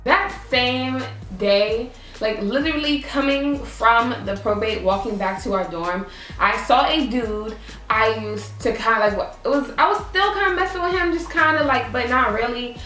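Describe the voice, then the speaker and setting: Young woman, storytime vlog, animated and cursing, fairly high voice, roomy echo, faint music behind. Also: moderate pace. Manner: animated, swearing, acts out quotes in a higher voice. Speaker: vlogger. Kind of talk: casual storytime.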